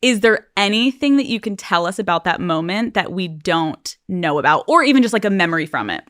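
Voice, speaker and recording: A woman's voice: medium pitch, expressive, brisk, a bit bright, no room sound, clean studio sound. Playful, teasing woman host. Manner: playful, teasing, swears freely. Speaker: podcast host. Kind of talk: casual interview chat.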